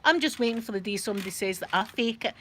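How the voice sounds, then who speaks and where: A woman's voice: medium pitch, lively intonation, rapid-fire, fairly bright tone, a little hiss or hum. A Scottish woman chatting casually to a live audience from her rocking chair at home, rambling and laughing often. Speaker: YouTube live streamer.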